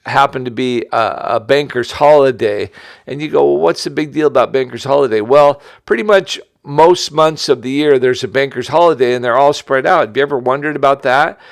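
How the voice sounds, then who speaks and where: A middle-aged man from the United States gives a casual monologue as host, wandering through thoughts with frequent restarts. His voice sits at a mid pitch and sounds smooth and clean. The recording is dry and close, with no room sound. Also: brisk, no echo. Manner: rambling, with many restarts and asides. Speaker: host giving an investment update.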